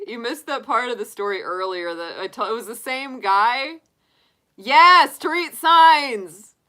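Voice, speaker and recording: A middle-aged woman hosts a tarot livestream, chatting casually with viewers, laughing often and filling her talk with likes and restarts. Her voice is mid-range and bright with a forceful tone.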